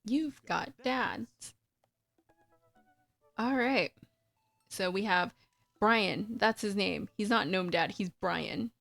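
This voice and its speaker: Raspy-voiced chatty woman streamer. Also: medium pitch, takes it slowly, fairly bright tone, no room sound. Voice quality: raspy, husky. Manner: chatty, talkative. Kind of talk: casual let's-play commentary, reading game text aloud.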